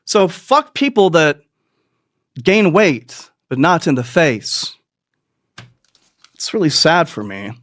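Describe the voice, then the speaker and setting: A middle-aged man telling a rambling, profane comic story with quick asides and put-on voices. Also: a little high, very animated, a bit bright, no echo, studio quality. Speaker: comedian. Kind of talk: stand-up storytelling.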